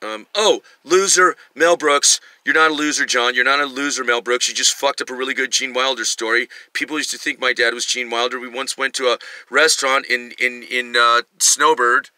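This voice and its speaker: A man's voice: mid-range voice, flat delivery, fairly quick, hardly any pauses, sharp tone, smooth, no room sound. A middle-aged male comedian giving a rambling, profane, self-mocking monologue.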